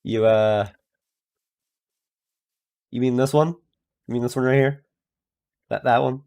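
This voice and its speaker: Slow, gravelly, rambling game streamer, a man. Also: mid-range voice, fairly even intonation, darkish tone. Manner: rambling, self-mocking, with playful voice bits. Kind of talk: casual chat while playing a game.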